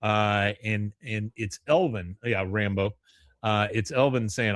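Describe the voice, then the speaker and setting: A man's voice: fairly low pitch, measured pace, no echo, clean studio sound. A man hosting a podcast, casually recapping an episode in a rambling way and acting out lines as he goes. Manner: rambling storyteller, acts out the lines. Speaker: podcast host.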